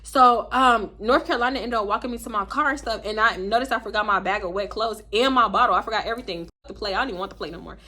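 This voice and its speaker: A young woman from Houston, Texas, telling a casual storytime vlog in slangy, animated talk, often voicing other people in quotes. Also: mid-range voice, fast talker, hardly any pauses. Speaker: storytime vlogger.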